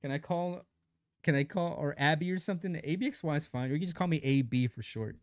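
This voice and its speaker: A man's voice: a little high, fast, dry recording. Laid-back young man streaming games, dry sound. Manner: laid-back slang, reads chat aloud and greets viewers. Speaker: mobile game live streamer. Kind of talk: casual live-stream chat while gaming.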